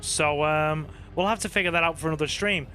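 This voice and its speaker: A man's voice: on the high side, brisk, soft background music. A man hosting a gaming stream, chatting casually with his co-host and reading out viewer comments. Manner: relaxed, chatty, reads chat aloud. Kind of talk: casual let's-play chat.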